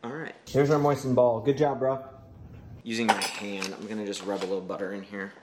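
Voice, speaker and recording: A man's voice: on the low side, little pitch movement, brisk, noisy background. A man baking at home, reading recipe steps aloud in a casual, hesitant, joking way. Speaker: host baking with his child. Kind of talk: casual home cooking chat. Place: home kitchen.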